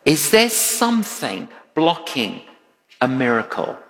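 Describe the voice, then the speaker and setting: Male preacher, unhurried storyteller with a very expressive pitch, recorded in a big echoing hall. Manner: animated storytelling with acted-out quotes. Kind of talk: sermon. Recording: long hall reverb.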